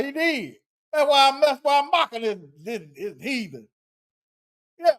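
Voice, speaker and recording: High-voiced, mocking commentary host. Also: animated, slow pace, pauses often. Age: middle-aged or older. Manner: mocking, loud, laughs often. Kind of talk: reaction commentary.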